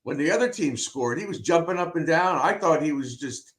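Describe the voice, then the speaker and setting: A man's voice: fairly high pitch, lively intonation, brisk, fairly bright tone. A man giving blunt, opinionated takes in a casual sports chat. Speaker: podcast co-host, analyst.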